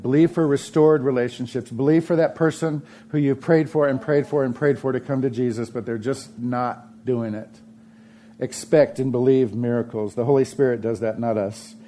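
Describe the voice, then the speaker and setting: Mellow-voiced preacher man. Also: mid-range voice. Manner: conversational preaching, swells to emphatic peaks. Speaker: pastor. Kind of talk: sermon. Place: church sanctuary.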